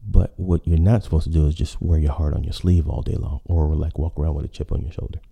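A man's voice: rumbling low, steady tone, quick pace, vocal fry, mellow, breathy edge. A man hosting a podcast, talking in a rambling casual monologue full of fillers and restarts. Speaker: podcast host.

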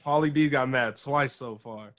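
A man in casual podcast banter with a friend, talking in loose slang. He laughs often and gets loud and animated as he argues his point. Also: medium pitch, normal speed. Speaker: podcast co-host.

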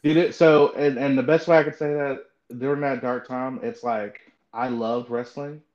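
A man in the host seat of a casual podcast, middle-pitched, telling stories with plenty of "you know" and "like". He acts out the people in his stories, and the track sounds dull and a bit lo-fi. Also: moderate pace. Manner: animated storyteller, acts out quoted voices. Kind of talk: casual chat.

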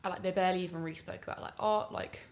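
A woman's voice: fairly low pitch, fairly even intonation, very fast, creaky. A young woman, talking casually as an interview guest, full of "like" fillers and easy laughs. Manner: chatty, many "like" fillers, laughs easily.

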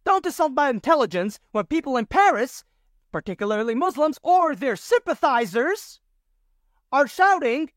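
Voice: high-pitched, big pitch swings, moderate pace, no room sound, studio quality. A podcast host delivering a solo commentary monologue, indignant and sarcastic, firing off rhetorical questions. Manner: sarcastic mockery.

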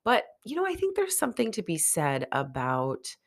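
A woman's voice: fairly low pitch, huge pitch swings, normal speed. A woman podcast host, under the weather and nasal, giving candid, encouraging self-help talk in a casual solo monologue.

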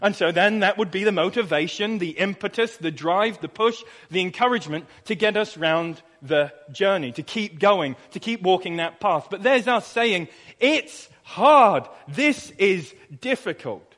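A young man preaching in an easy, conversational manner, stacking repeated phrases and rhetorical questions. His voice sits high for a man, and the church hall gives it a long, ringing reverb. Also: moderate pace, few pauses, a bit bright. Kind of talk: sermon.

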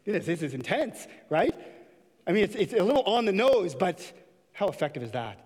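A man's voice: high voice, very animated, moderate pace, darkish tone, long reverb tail. A man preaching a sermon in a church, impassioned, sometimes putting on mocking voices to make a point. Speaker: pastor.

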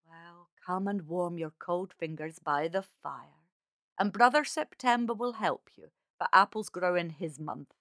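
A woman voicing a kind, gentle old man who embodies a winter month in a storybook. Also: lowish voice, no room sound, clean studio sound. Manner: gentle, slow, caring.

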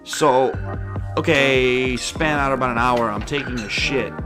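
A man's voice: mid-range voice, measured pace, over music. A young man telling a rambling, profane story on a casual podcast, sounding exasperated. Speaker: podcast host.

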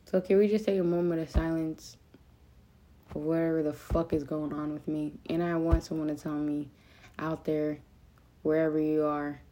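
Low-voiced woman venting profanely. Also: flat delivery, moderate pace, dark tone. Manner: frequent fillers like "like" and "um". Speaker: podcast host. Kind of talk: confessional solo monologue.

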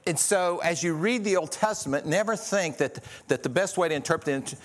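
A man's voice: a little high, moderate pace. Earnest male pastor preaching a sermon. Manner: earnest, with frequent restarts and rhetorical questions.

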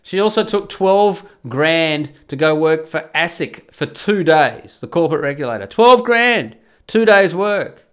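A man's voice: fairly high pitch, lively intonation, a little slow, a bit bright, smooth. A man, hosting a podcast and angrily ranting with a lot of swearing and scorn. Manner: angry, profane, ranting, scornful. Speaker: podcast host. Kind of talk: solo podcast rant.

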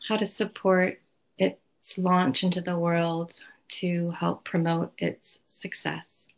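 Slow, flat-voiced woman client. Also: lowish voice, gravelly. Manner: brief, hesitant answers. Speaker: tarot client. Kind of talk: answering questions in a live reading.

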